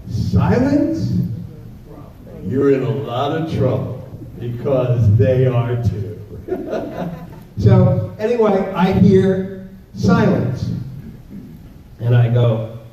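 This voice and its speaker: A man telling a story on a convention stage with dramatic pauses, acting out the voices. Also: on the high side, dark tone. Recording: echoey convention hall, far from mic, dull.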